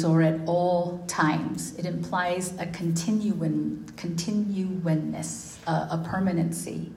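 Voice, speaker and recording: Woman preaching slowly in an echoey room. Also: lowish voice, fairly even intonation, mellow. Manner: slow, deliberate emphasis with many quotations. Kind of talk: sermon.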